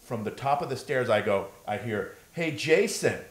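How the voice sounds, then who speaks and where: Male comic co-host, eager storyteller, low voice, echoey recording. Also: normal speed. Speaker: podcast co-host, stand-up comedian. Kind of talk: casual podcast chat. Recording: echoey room.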